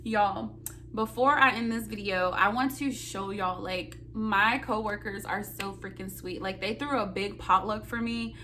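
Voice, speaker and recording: A young woman telling a story on her vlog, animated and dramatic, talking straight to her viewers and acting out her own loud high-pitched reactions. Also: measured pace, a little hiss or hum. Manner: talks straight to viewers, calling them y'all. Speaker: nursing student vlogger.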